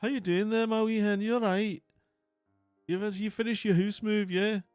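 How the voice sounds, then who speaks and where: A man's voice: high-pitched, steady tone, moderate pace, darkish tone, clear, resonant tone, dry recording, faint music behind, pitched above the performer's own voice, close to an everyday voice. A man doing a put-on Scottish accent, greeting a viewer cheerily on a live stream. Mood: cheery.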